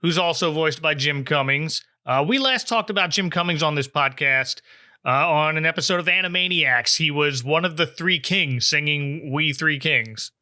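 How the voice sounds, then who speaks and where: A man's voice: fairly high pitch, moderate pace, bright, forceful tone, dry recording, studio quality. A man hosting a podcast, recapping a cartoon special with informative asides and frequent chuckles. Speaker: podcast host.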